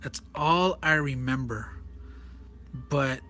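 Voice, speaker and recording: A man's voice: medium pitch, takes it slowly, bright, forceful tone, faint music behind. A man casually walking through a comic, enthusiastic and rambling, often correcting himself. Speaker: comic reviewer.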